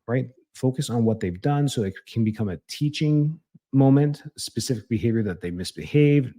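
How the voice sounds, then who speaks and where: A chiropractor hosting a show, giving parents advice in a casual, reassuring way, with many fillers and restarts. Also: male voice, medium pitch, lively intonation, normal speed, warm tone. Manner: conversational, with frequent fillers and restarts; reassuring, explanatory. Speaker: chiropractor host.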